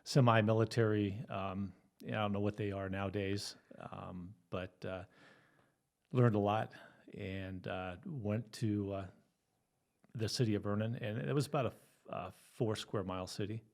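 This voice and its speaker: A middle-aged man recounts his police days in an easygoing, chuckling way. His voice sits fairly low, and he fills his pauses with ums and uhs. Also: fairly even intonation, vocal fry, darkish tone. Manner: easygoing storytelling, often laughing, with fillers. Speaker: guest, retired police officer. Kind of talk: telling his story in an interview.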